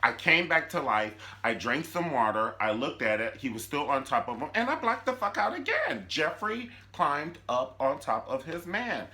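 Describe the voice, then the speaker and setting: A man hosting a comedic TV recap, telling the story in an animated, sassy way. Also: on the high side, normal speed, hardly any pauses. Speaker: YouTube show recap host.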